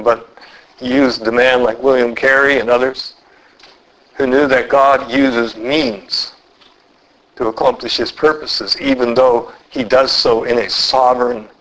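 A man preaching a sermon earnestly, often slowing down and climbing to emphatic peaks. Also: gravelly, poor audio. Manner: lively pitch, slows down for emphasis.

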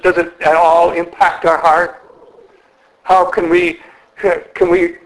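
Earnest preacher man, high voice. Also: a bit bright, low-quality recording. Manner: earnest, slows and drops for emphasis. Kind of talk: sermon. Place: church.

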